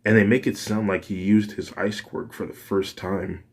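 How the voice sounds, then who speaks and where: A man's voice: fairly low pitch, level tone, moderate pace, vocal fry, husky. A man voicing a worried, earnest teenage boy in a fan story, speaking hesitantly.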